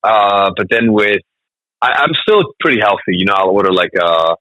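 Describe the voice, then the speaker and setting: A man from Germany, telling lively stories and laughing often as a comedy guest in a casual interview. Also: fairly low pitch, moderate pace, no room sound, lo-fi sound. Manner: animated storytelling, laughs often.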